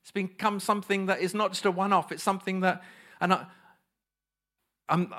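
Brief: male preacher, fairly high voice, emphatic delivery, rhetorical questions to the congregation. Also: fairly even intonation, moderate pace, fairly bright tone. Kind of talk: sermon.

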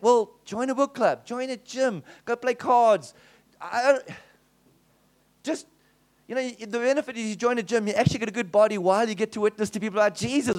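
High-voiced man preaching with animated stories. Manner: animated, acts out the people in his stories. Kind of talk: storytelling sermon.

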